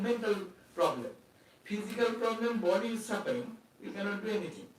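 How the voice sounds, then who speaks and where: A man's voice: high voice, slight background noise. A man giving a spiritual talk as a swami, conversational, with laughs and rhetorical questions. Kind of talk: sermon. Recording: echoey hall from far off.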